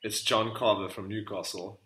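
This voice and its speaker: A man's voice: on the low side, steady tone, normal speed, sharp tone, reverberant. A man co-hosting a football podcast, guessing quotes in a bantering, laughing quiz chat. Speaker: podcast co-host.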